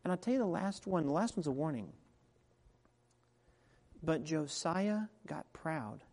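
Conversational preacher in a reverberant hall. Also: male voice, on the high side, very animated, measured pace. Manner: conversational preaching, swings between soft asides and loud emphatic peaks. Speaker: pastor. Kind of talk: sermon. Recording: long reverb of a large hall.

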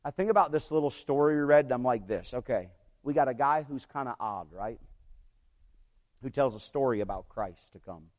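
A man's voice: medium pitch, lively intonation, normal speed, a little mellow. A man preaching a sermon, telling a story in a conversational way and checking in with the congregation. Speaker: pastor.

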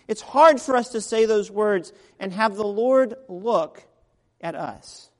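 Conversational preacher in a reverberant hall. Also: male voice, high-pitched, lively intonation, slow. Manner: conversational preaching, swings between soft asides and loud emphatic peaks. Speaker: pastor. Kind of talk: sermon. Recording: long reverb of a large hall.

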